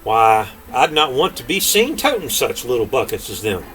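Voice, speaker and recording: A man's voice: mid-range voice, very animated, normal speed, fairly bright tone, recorded from a distance, soft background music, poor audio. An older grandfather reading aloud, voicing a cocky, sly young man in a folksy drawl. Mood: boastful. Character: clever young male trickster, cocky and sly.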